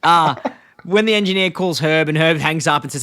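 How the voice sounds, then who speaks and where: Male podcast co-host, casual chat, slightly high voice, dry close sound, acts out scenes in a raised voice. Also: moderate pace, sharp tone, clean tone, no echo. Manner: retells scenes, acting out the lines with a raised voice.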